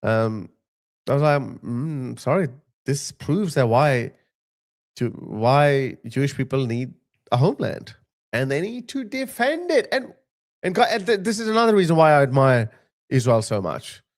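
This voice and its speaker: A man's voice: medium pitch, big pitch swings, measured pace. A man in his thirties giving an opinionated live-stream monologue as a political commentator, emphatic and heated, often restarting and repeating his phrases.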